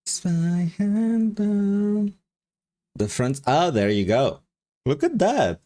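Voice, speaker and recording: A man's voice: medium pitch, huge pitch swings, measured pace, a little mellow. A man with a Mexican accent chatting casually with his live stream chat, rambling and laughing often. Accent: Mexican Spanish.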